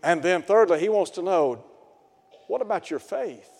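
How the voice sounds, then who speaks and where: A man preaching a radio sermon, slow and deliberate, asking his listeners pointed rhetorical questions. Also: high-pitched, lively intonation, creaky, a little mellow, in a large hall.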